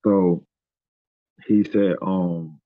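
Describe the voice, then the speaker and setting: Deep-voiced guy in his 30s telling stories on a podcast, swears a lot, sounds like he's on a phone line. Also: very slow, no room sound. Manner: animated, profane, lots of "you know what I'm saying". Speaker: podcast guest, former pro basketball player. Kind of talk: storytelling in casual chat. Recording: tinny phone-like line, dry.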